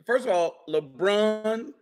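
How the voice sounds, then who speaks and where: A man's voice: high-pitched, slow, slight background noise. A man joining a casual sports talk show as a guest, playful and teasing in his banter. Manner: playful, teasing, laughs while talking. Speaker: guest co-host.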